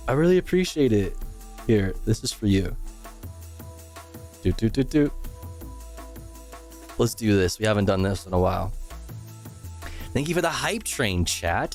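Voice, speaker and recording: A man's voice: on the low side, lively intonation, moderate pace, pauses often, a little mellow, soft background music. A man streaming live, chatting casually, thanking viewers and reacting to videos with swearing and laughs.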